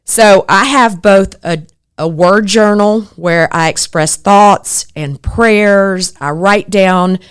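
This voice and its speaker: Slow, earnest woman. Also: mid-range voice. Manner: earnest, reflective, animated when quoting others. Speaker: podcast host. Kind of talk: personal podcast monologue.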